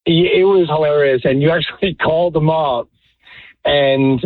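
A man's voice: fairly high pitch, measured pace, dry recording. A man calling into a radio show, speaking hesitantly with many fillers. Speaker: caller. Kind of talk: casual call-in chat. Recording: tinny phone line.

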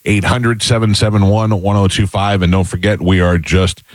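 A man's voice: lowish voice, flat delivery, normal speed, no echo. A man hosting a morning radio show, chatting and telling wry stories in the studio. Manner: storytelling, dry and wry. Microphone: studio microphone.

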